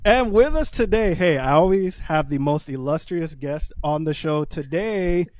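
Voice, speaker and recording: A man hosting a casual podcast chat, eager and upbeat as he leads the talk. His voice sits a little high for a man. The sound is close and dry, with no room echo. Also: animated, a little slow, a little mellow. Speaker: podcast host.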